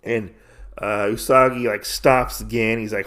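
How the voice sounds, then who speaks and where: A man's voice: lowish voice, steady tone, measured pace, a bit bright. A podcast host recapping a comic story in a casual, rambling way, full of fillers, loosely voicing the characters as he goes. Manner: rambling, filler-heavy retelling.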